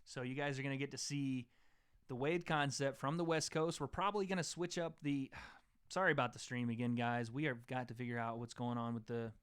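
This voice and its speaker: A man's voice: mid-range voice, steady tone, a little fast, a bit bright, clear, resonant tone. A young man hosting a casual livestream chat, joking around and reading out viewer comments. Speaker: host.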